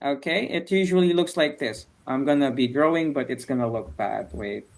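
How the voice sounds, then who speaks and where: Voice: medium pitch, normal speed, vocal fry. Encouraging teacher on a video call. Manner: encouraging, repeats "okay, very good". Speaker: English teacher. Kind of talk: online class teaching.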